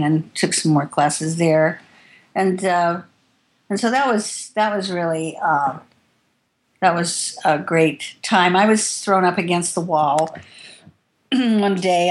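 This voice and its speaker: A woman tattoo artist telling stories from her working life in an interview, candid and rambling, with some casual swearing. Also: lowish voice. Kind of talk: interview storytelling.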